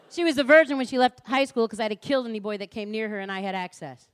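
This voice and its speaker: A woman's voice: high voice, quick pace, few pauses. A middle-aged woman giving a passionate public lecture, punchy and direct, acting out the people she quotes. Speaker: public speaker. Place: lecture hall.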